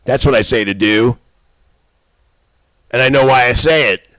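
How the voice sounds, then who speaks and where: A man in a rambling, profane personal rant, swinging between shouting and muttering. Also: medium pitch, a little slow, no room sound. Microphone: handheld camera.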